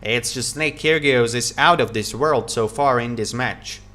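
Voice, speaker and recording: A man giving live play-by-play tennis commentary, calling each shot quickly and getting excited at big points. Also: mid-range voice. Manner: excited, calls shots rapidly, repeats praise.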